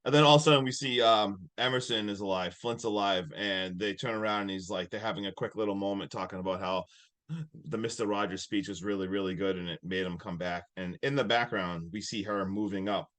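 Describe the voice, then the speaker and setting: A young man co-hosting a podcast, excitedly recapping a film and acting out its scenes with big swings between loud and quiet. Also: on the low side, a little fast. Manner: animated, swings loud and soft, acts out scenes. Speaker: podcast co-host.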